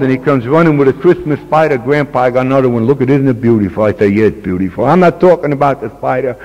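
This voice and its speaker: An older man, a grandfather, gives a plain-spoken, earnest talk at a recovery meeting in a mid-range, darkish voice. It's captured on dull old tape with long reverb.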